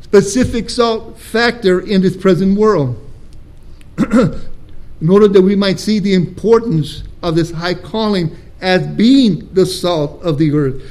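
A pastor preaching a sermon with emphatic, deliberate stresses and rhetorical questions to his congregation in church. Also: high-pitched, darkish tone.

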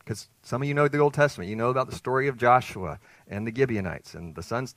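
A man preaching a sermon as pastor, animated, swinging between quiet and loud. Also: mid-range voice, a little fast, few pauses, dry recording.

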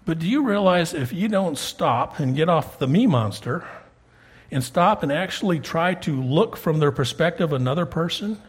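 A middle-aged man delivers a sermon from the pulpit of his church. His voice is somewhat husky and breathy. He talks with the congregation in a conversational way and pushes up with emphasis when he drives a point home. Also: on the high side, lively intonation, normal speed. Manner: conversational preaching, rising emphatically on key points. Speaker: pastor. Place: church sanctuary.

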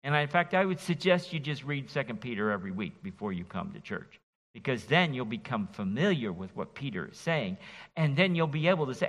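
A middle-aged man preaches an expository sermon with a bright, forceful voice and lively, rising and falling inflection. He is folksy and teasing with his listeners. The sound carries a long echo from a church sanctuary. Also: mid-range voice, a little fast. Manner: animated, folksy, jokes with the congregation. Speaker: pastor. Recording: reverberant church hall.

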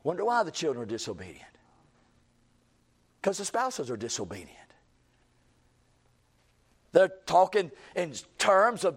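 Guy preaching in church, real high voice, repeats himself for emphasis. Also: big pitch swings, a little slow, long pauses, breathy edge. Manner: repetitive, emphatic preaching cadence. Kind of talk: sermon.

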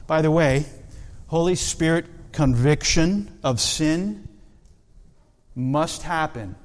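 A man's voice: on the high side, takes it slowly. Preacher man in a reverberant hall. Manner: asks the congregation rhetorical questions. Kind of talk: sermon.

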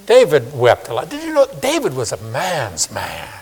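A man in his sixties preaching a sermon, swinging from loud emphasis to hushed, soft asides. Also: mid-range voice, huge pitch swings, normal speed, creaky, breathy edge. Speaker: pastor. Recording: long reverb of a large hall.

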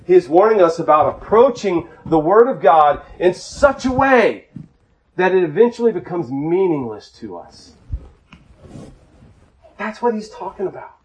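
Male pastor, higher register, earnest sermon delivery with repetition and fervent climaxes. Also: very animated, moderate pace, slight background noise, low-quality recording. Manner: earnest, repeats phrases, builds to fervent climaxes.

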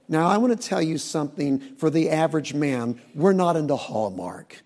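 A middle-aged man preaching a sermon in a folksy, storytelling way, his voice pitched high and gravelly. He swings widely up and down, with a husky edge to every phrase. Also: moderate pace, hardly any pauses. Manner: folksy, animated storytelling with asides. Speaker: pastor.

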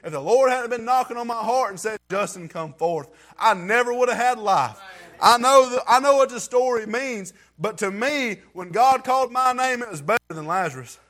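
A man's voice: very high-pitched, animated, moderate pace, few pauses, fairly bright tone. A man reading scripture aloud and giving an earnest, heartfelt testimony in plain everyday grammar. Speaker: church member giving testimony.

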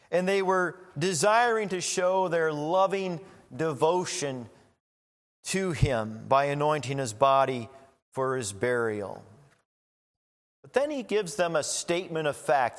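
A man preaching a sermon as a pastor, slow and deliberate, rising in emphasis on key points. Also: fairly high pitch, animated. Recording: long reverb of a large hall.

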